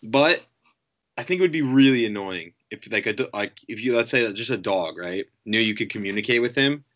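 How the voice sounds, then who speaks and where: Animated young man, swearing in loose chat. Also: on the low side, brisk, highs cut off. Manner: animated, swears, trails off mid-sentence. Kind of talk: casual chat.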